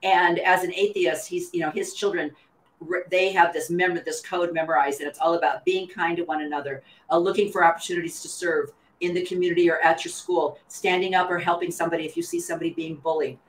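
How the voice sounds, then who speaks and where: A woman's voice: lowish voice, fairly even intonation, fast talker, reverberant, rough recording. Wry woman co-hosting a podcast. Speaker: podcast co-host. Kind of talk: casual commentary chat.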